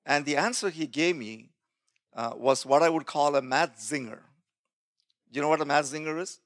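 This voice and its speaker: A man's voice: a little high, moderate pace, a bit bright. A male pastor telling a personal testimony in a sermon, acting out what others said and often restarting his words. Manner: storytelling, acting out quoted voices with laughs.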